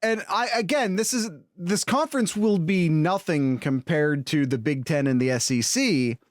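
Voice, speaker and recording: High-pitched guy on a sports podcast, opinionated, dry close sound. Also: moderate pace, dry recording. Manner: animated, opinionated, talks in bursts with restarts. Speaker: podcast co-host. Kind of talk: casual sports podcast talk.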